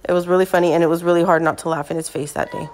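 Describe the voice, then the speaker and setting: A woman's voice: on the low side, rapid-fire, slight background noise. A woman hosting a home cooking channel, casually telling a funny family story to camera and acting out the voices of the people in it. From California. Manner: animated, acts out quoted voices.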